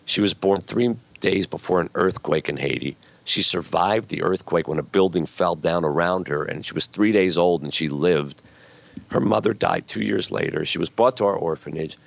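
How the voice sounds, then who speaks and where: A man's voice: low voice, moderate pace, gravelly, dry recording. A man in his sixties, a guest author telling stories earnestly and reflectively in a conversational interview. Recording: dull lo-fi sound.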